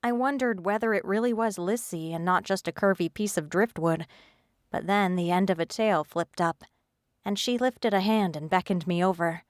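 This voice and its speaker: A woman reading a first-person audiobook in a steady, scripted storytelling manner. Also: mid-range voice, normal speed, no echo, studio quality. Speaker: audiobook narrator.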